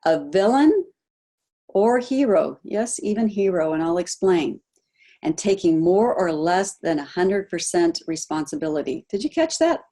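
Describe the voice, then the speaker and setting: Woman coach on a video call, kinda low voice, mellow, keeps asking the group questions. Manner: animated, asks the audience questions, acts out example voices. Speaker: health coach.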